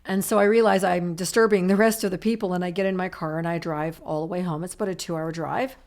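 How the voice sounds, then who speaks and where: A woman's voice: lowish voice, fairly even intonation, fast, a little mellow. A woman telling her own recovery story in conversation, speaking in emotional, run-on sentences full of "I'm like" asides. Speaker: author and recovery guest.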